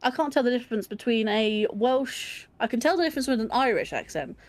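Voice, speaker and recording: A woman's voice: on the high side, fairly quick. An English woman speaks in a slightly raised voice, her accent a blend of London and standard Southern English. She rambles cheerfully through casual chat over gameplay, working out her thoughts as she goes. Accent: London English mixed with standard Southern English. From England. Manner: rambling, thinking aloud, chatty.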